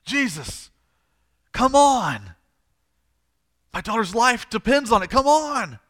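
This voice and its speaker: A man's voice: very high voice, very animated, takes it slowly, voice pushed up, full character voice. A man putting on a frantic, pleading father. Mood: impatient. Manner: pleading, urgent, rising to shouting. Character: desperate anxious father, grown man.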